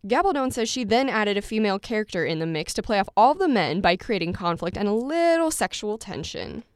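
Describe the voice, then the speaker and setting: Smooth woman radio reporter. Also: mid-range voice, sing-song, fairly quick, no room sound, clean studio sound. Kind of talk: scripted radio narration.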